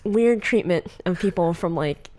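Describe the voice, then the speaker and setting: A woman's voice: lowish voice, measured pace, dark tone. A young woman from California with a Valley Girl accent, hosting a podcast in casual, chatty talk, often laughing and using fillers. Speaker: podcast host. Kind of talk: casual chat.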